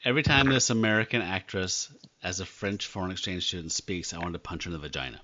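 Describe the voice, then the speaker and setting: A man's voice: low-pitched, fast, pushed and bright, dull audio, slight background noise. A man co-hosting a podcast in casual chat, blunt and given to crude rants. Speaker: podcast co-host.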